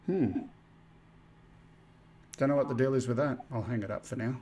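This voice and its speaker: A man chats through a live stream in a loose, rambling way, thinking aloud as he goes. His voice sits at an ordinary middle pitch for a man. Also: moderate pace, a little mellow, slightly rough. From Australia. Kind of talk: casual live stream chat.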